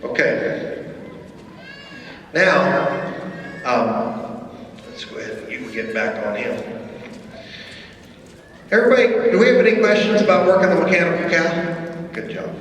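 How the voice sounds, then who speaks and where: Clinician, male, bit high-voiced, barking short commands; distant, echoey arena recording. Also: expressive, measured pace, long pauses, fairly bright tone, slight background noise. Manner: directive coaching with short repeated commands. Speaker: horse training clinician. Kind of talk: live arena riding demonstration. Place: large indoor horse arena at an expo.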